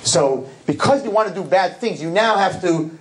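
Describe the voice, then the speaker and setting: A man's voice: sits high, expressive, normal speed, slight background noise, poor audio. A man speaking as a rabbi, telling a story to a live audience and acting out both sides of the conversation in shifting voices.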